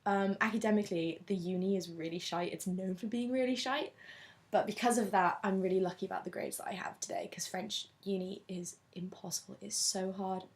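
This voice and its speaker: A woman in her twenties from England, talking candidly in a casual interview, chatty and quick to laugh. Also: mid-range voice. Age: 20s.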